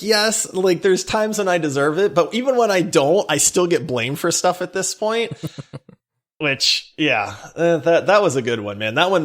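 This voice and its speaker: A man co-hosting a podcast, telling a story in an animated way, laughing and breaking into near-shouts. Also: on the high side. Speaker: podcast co-host.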